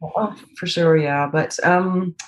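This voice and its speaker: Canadian woman, North American accent, low voice, remote interview guest, chatty and thoughtful. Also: steady tone, slow pace. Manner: chatty, thoughtful, many fillers and restarts. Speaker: voice actress guest. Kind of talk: casual interview chat. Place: home, remote video call. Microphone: video call.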